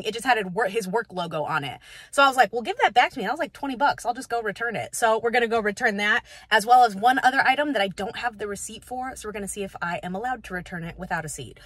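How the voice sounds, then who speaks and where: A young woman vlogging casually to camera, bubbly and gushing with excitement. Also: a little high, distant mic. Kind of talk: casual vlog talk to camera.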